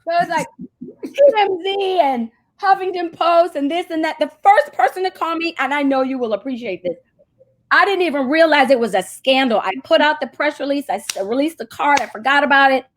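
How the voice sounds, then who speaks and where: Brisk and high-voiced, this woman is a marketing agency CEO appearing as a guest in a relaxed interview. She tells a story with animation, acting out quoted voices.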